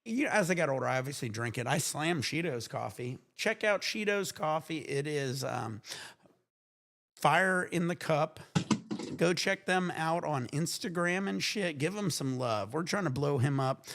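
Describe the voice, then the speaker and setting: A man's voice: on the high side, unhurried, creaky. A man hosting a livestream, chatting casually and cutting in to make his point. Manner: animated, talks over others, insistent. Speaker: livestream host. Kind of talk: casual stoner chat.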